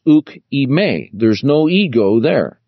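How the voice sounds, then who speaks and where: A man teaching through the Bible verse by verse, deliberate, stressing key words as he explains them. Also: medium pitch, big pitch swings, no room sound, highs cut off.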